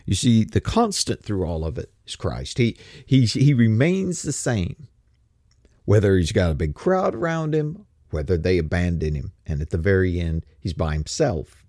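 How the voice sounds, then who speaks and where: Animated male preacher, dry close sound. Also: deep voice, no echo. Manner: animated, rising emphasis, rhetorical questions. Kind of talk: sermon.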